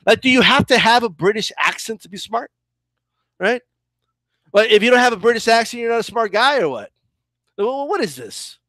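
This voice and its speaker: A man's voice: very high voice, animated, a little fast, pauses often, fairly bright tone, no room sound. A man with a combative, profane style, ranting heatedly as he reacts to a clip in boxing commentary.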